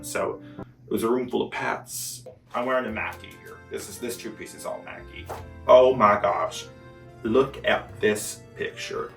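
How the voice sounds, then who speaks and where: A man's voice: on the low side, gravelly, fairly bright tone, reverberant, recorded from a distance. A man voicing a gushing, sentimental male Bigfoot who reflects on his fashion looks like a star in a comedy sketch. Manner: emotional, grateful, gushing like a star in a fashion interview.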